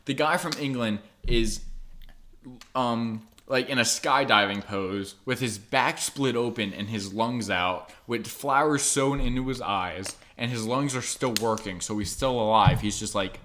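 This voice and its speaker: A man's voice: medium pitch, a little slow, bright, forceful tone, a little hiss or hum. Rambling, profane young man. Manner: rambling, profane, lots of likes and ums. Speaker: podcast co-host. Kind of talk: casual podcast chat.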